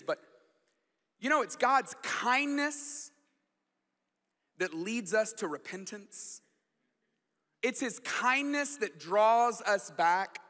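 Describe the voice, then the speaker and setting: Man, pastor, chatty sermon, high bright voice, long hall reverb. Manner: chatty, storytelling, repeats words.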